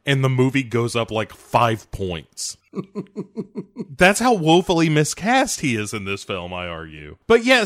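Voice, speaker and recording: A man's voice: mid-range voice, fairly bright tone, no room sound, studio quality. A man co-hosting a podcast, giving wry, chatty movie commentary. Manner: wry, chatty and laughing often. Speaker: podcast co-host.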